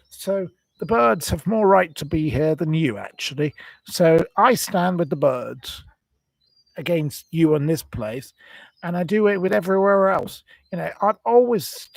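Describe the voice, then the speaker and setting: A man's voice: high voice, creaky, dry recording. A man hosting a rambling, indignant livestream chat about animals, breaking off to apologize for his rants. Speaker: channel host.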